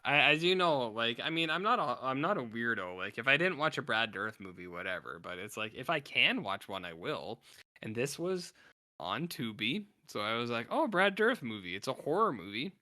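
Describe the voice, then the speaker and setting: A man's voice: medium pitch, big pitch swings, normal speed, bright, forceful tone. A man in casual podcast chat, rambling about a bad horror film and acting out its scenes, with lots of "like" along the way. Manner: rambling, heavy on "like", acts out scenes while recapping a film. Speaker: podcast co-host.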